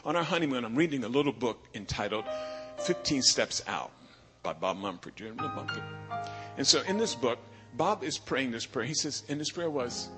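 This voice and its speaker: A bishop in his sixties telling a personal story in a sermon, animated and imitating other preachers' drawling catchphrase. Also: medium pitch, a little fast, over music.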